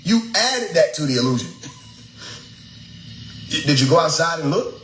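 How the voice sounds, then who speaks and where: A young man talks to his followers in a loose, preachy storytelling manner, swearing and laughing as he goes. His voice sits a little high. The room around him is echoey, with a faint hum of ambient noise behind. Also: a little slow. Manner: animated, preachy, swears freely, laughs often. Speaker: speaker addressing his followers. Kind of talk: casual storytelling lecture.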